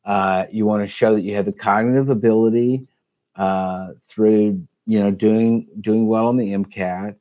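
A man's voice: on the low side, fairly even intonation, a little slow, phone-quality sound. A man giving advice as a podcast guest, talking casually and explaining step by step, often rephrasing himself as he goes. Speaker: guest admissions advisor.

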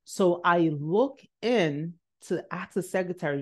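A woman hosting a podcast, telling a motivational personal story and acting out the voices in it, jumping high for quotes and dropping to a hush for asides. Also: measured pace, few pauses. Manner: animated, acts out quotes with big pitch jumps and hushed asides. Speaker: podcast host.

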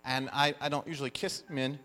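A man preaching a sermon, telling stories with animated emphasis as the pastor. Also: mid-range voice, a little fast, soft background music. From United States. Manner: animated storyteller, lively emphasis.

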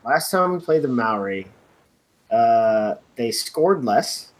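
A man's voice: mid-range voice, expressive, takes it slowly. A man co-hosting a podcast, chatting casually with dry, sarcastic asides. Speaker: podcast co-host. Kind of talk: casual chat.

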